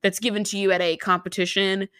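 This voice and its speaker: A young woman co-hosting a podcast, chatting casually and telling a story with lively impressions of the people in it. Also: fast talker, clear, resonant tone, no room sound. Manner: animated storyteller, mimics people in shrill voices. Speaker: podcast co-host. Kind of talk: casual chat recapping a reality show.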